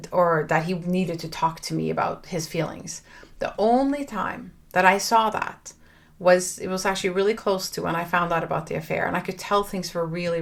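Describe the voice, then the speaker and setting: A woman's voice: on the low side, creaky, a bit bright. A middle-aged woman hosting a podcast, talking earnestly and reflectively in a personal monologue, with fillers and restarts. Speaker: podcast host.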